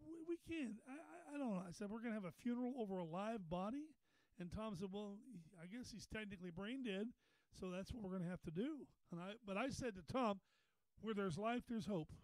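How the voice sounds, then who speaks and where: A man's voice: high-pitched, darkish tone, no room sound, rough recording. A man preaching at a Bible study, telling a story in a folksy way with repeated words, rising into fervent preaching. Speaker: pastor. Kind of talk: storytelling sermon. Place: Bible study meeting room.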